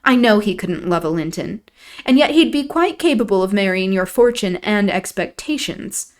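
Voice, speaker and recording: A woman reading aloud, voicing a proud, sharp-tongued young lady of the house in a raised, emphatic voice. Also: medium pitch, animated, normal speed, natural voice. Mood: scornful. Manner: scornful, emphatic.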